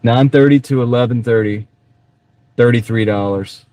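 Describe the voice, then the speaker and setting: A man chatting casually on a live stream while he drives deliveries, greeting viewers by name in a relaxed, rambling way. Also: medium pitch, moderate pace. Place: inside a moving car. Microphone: wireless clip-on mic. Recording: clear car road noise. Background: car and road noise.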